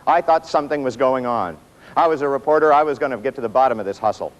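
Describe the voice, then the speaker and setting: A motivational speaker gives a workshop talk to an audience in a room, telling stories with self-mocking humor and dramatic pauses. His voice is medium pitched, and the highs are cut off.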